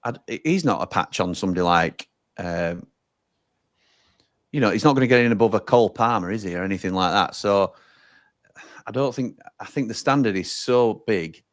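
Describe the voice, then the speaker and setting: A man's voice: lowish voice, lively intonation, moderate pace, long pauses. A man co-hosting a football watch-along, chatting casually and reading out viewer comments. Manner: chatty, reads out viewer messages.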